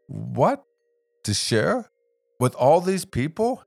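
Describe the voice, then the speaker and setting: A man's voice: fairly high pitch, sing-song, takes it slowly, vocal fry, darkish tone, no echo, studio quality, soft background music, pitched above the performer's own voice, full character voice. A man voicing a group of grown men who question everything with disbelief. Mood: incredulous. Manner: incredulous, questioning.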